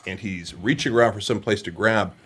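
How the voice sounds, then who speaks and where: Deep-voiced man telling a story. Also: a little fast, a bit bright, husky. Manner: rambling, hesitant, many fillers. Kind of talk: casual storytelling.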